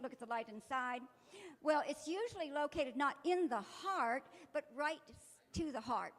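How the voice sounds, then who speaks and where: A middle-aged woman telling a spiritual story and leading a guided meditation, animated and acting out dialogue. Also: high voice, in a large hall. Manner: animated, acts out dialogue with lively voices, often laughs. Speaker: spiritual speaker. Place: event hall.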